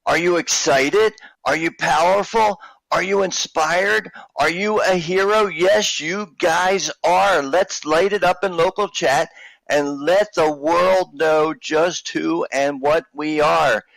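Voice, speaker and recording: A man hosting a charity closing ceremony, energetic and rallying the audience. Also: on the high side, slow pace, vocal fry, no echo, low-quality recording. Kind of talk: casual live-stream hosting.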